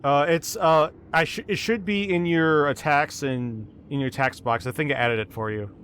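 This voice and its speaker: A man narrating a tabletop game as dungeon master, in a measured descriptive way. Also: a little high, fairly bright tone, a little hiss or hum.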